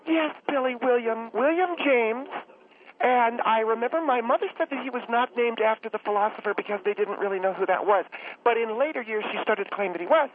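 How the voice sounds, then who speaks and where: A man's voice: very high-pitched, a little fast, a little hiss or hum, voice pushed up. Man putting on a fawning chatty woman caller, middle-aged, rambling, phone-line sound. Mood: gushing. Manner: effusive, rambling, easily choked up.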